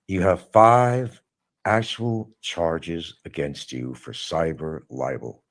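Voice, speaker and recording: A man's voice: low voice, big pitch swings, unhurried, a little mellow. A middle-aged man hosting a live stream, talking casually and mocking someone with sarcasm. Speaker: livestream host. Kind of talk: casual livestream monologue.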